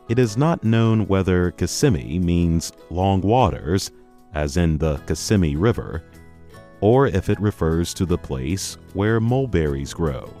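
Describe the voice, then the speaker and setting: A man with a very low, mellow voice reads a scripted lesson. His pitch moves a lot, his pace is unhurried and deliberate, and he sounds close and dry. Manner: slow, deliberate, teacherly reading. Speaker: co-presenter of a language program. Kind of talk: scripted educational narration.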